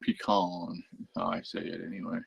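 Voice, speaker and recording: A man's voice: sits low, flat delivery, moderate pace, creaky, husky, no echo, rough recording. A man hosting a casual livestream, chatting and cooing fondly at his cats. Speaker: livestream host.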